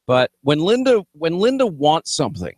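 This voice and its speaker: A man hosting political talk radio, brash and animated, often restarting his sentences as he banters. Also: fairly high pitch, moderate pace, dry recording.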